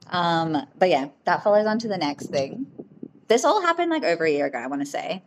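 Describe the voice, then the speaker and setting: A woman hosting a podcast, telling personal stories in an emotional, animated way, full of fillers. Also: low-pitched, rough recording. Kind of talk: casual storytelling.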